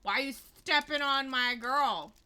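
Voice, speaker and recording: A woman mocking a possessive young guy in a game, huffing out each crude line slow and loud in a bright, pinched voice. it's a sneering parody. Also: sits high, pitched above the performer's own voice. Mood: indignant mockery. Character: controlling jealous young man, mocked.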